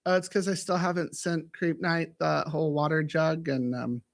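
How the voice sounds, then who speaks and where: A man hosting a chaotic livestream chat, shouting with over-the-top hype, then dropping to low mutters. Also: little pitch movement, normal speed, creaky. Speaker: host.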